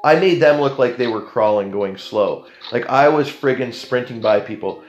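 A young Canadian man telling a story in a casual, animated way, jumping into the voices of the people in it. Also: mid-range voice, moderate pace, echoey room, dull audio, soft background music.

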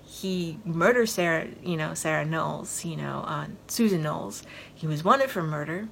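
Woman podcast host, lowish voice, rambling casual episode recap, filler-heavy, faint background hiss. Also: normal speed, creaky. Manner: rambling, retells scenes with lots of fillers.

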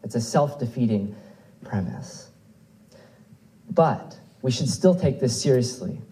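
Earnest male preacher, mellow voice. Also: medium pitch, animated, slow, poor audio. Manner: earnest, rising and falling emphasis, quotes scripture aloud. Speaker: pastor. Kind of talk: sermon.

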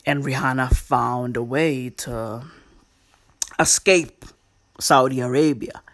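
Low-voiced slangy woman, slow and lively. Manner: loose, profane, slangy, rambling. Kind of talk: casual comedic chat.

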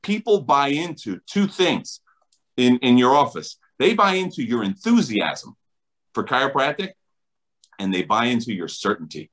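A man's voice: mid-range voice, big pitch swings, normal speed, a bit bright, low-quality recording. A middle-aged man with a New Jersey accent, a chiropractor talking enthusiastically and emphatically in an interview. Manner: enthusiastic, emphatic, laughs often. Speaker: chiropractor guest. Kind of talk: animated interview talk.

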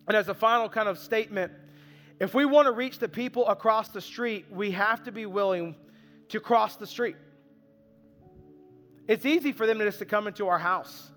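A man with a noticeably high voice preaches in a casual, heartfelt way, mixing self-mocking stories with a plea to his listeners. His words ring out with a long reverb, as in a large church sanctuary. Soft music plays faintly behind him. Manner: conversational, earnest, self-deprecating. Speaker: pastor. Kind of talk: sermon.

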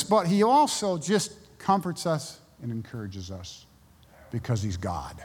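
Preaching in an unhurried way, a male pastor tells stories and takes on the voices of the people he quotes. His husky mid-range voice swoops wildly in pitch, and a long reverb tail follows it.

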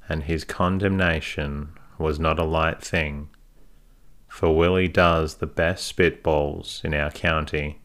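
Very deep-voiced slow male narrator. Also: fairly bright tone. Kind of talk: audiobook narration of a first-person story.

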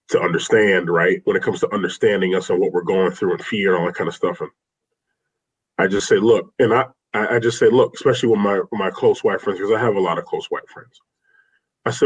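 A man's voice: fairly low pitch, moderate pace, slightly rough. A man talking as an interview guest, telling personal stories in an earnest, rambling way with many restarts. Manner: heartfelt, rambling with restarts, says "man" often. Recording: slightly dull lo-fi sound.

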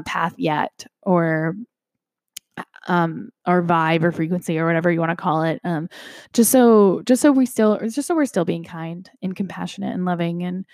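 Woman podcast host, yoga teacher, casual self-help chat, candid and sweary, lowish voice, dry close sound. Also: darkish tone, no room sound. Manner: candid, swears freely, many restarts and fillers.

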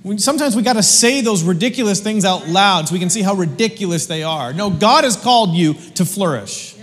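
High-voiced casual preacher in a big hall. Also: male voice, expressive, fairly quick, a bit bright. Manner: casual, joking, slangy preaching with lots of restarts. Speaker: pastor. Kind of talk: sermon.

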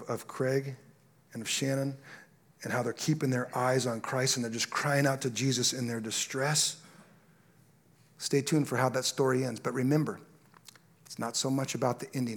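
A pastor, a man, preaching a sermon with personal stories that build into loud, impassioned exhortation. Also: mid-range voice, gravelly.

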